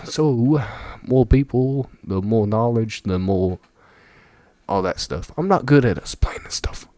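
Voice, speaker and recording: A man's voice: medium pitch, lively intonation, a little slow, dark tone, dry recording. A man giving casual, rambling reaction commentary, with lots of fillers and frequent laughter. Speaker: video reactor.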